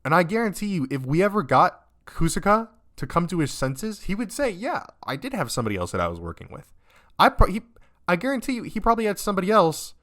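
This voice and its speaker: A man's voice: high voice, a bit bright. A young man playing a game and commenting on it, upset and close to tears, who swears constantly and rants in broken, trailing sentences. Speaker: let's-play gamer.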